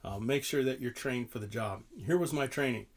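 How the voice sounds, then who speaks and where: A man's voice: medium pitch, brisk. Emphatic storytelling male leadership coach. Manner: casual, storytelling, emphatic, laughs often. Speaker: leadership coach and podcast host. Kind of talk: motivational podcast talk.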